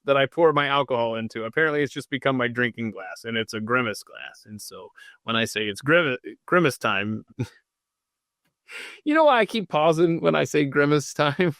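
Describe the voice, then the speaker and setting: Male podcast host reading live comments, mid-pitched, rambling, self-deprecating, dry close sound. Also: expressive, normal speed, a bit bright, no echo. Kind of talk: casual rambling livestream chat.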